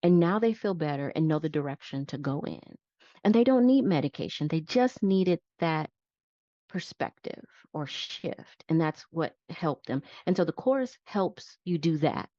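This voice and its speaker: Low-voiced yet animated, a woman psychiatric nurse practitioner speaks at normal speed with a mellow quality. As an interview guest she explains her practice in plain, stepwise terms, in a dull lo-fi recording that's dry with no echo.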